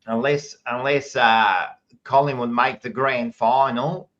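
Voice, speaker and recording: A man's voice: mid-range voice, fairly even intonation, slow, a bit bright, highs cut off. A man with an Australian accent hosting a casual football podcast, brash and swearing in banter. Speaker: podcast host. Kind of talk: casual footy chat and plugs.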